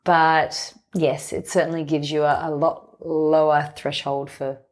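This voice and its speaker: A woman speaks as a podcast guest, her voice sitting low. She talks candidly and reflectively, letting her thoughts run on in long, unhurried stretches. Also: flat delivery. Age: 30s. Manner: open, reflective, speaks in long flowing runs. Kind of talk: candid conversational interview.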